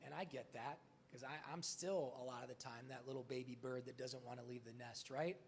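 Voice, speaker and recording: A man's voice: medium pitch, steady tone, brisk, slight background noise. A man speaking as a motivational speaker at a live event, telling candid stories casually, swearing freely and acting out the dialogue. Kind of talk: live storytelling talk.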